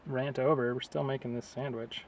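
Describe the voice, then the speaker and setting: A man's voice: mid-range voice, level tone, moderate pace, slight background noise. A man vlogging outdoors beside a river, talking casually in a sarcastic, rambling way. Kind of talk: casual vlog rant.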